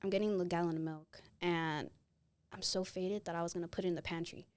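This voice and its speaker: Low-voiced woman telling a story. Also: fairly quick. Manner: animated, acts out the people in her stories. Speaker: podcast guest. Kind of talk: casual storytelling.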